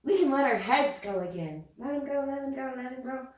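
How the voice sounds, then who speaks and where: A young woman teaching yoga to little kids in a sing-song, coaxing way, with hisses and moos along the way. Her voice sits a touch high and rings around a very echoey room. She sounds set back from the microphone. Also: animated, brisk, a little mellow, recorded from a distance. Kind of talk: playful guided yoga class for children.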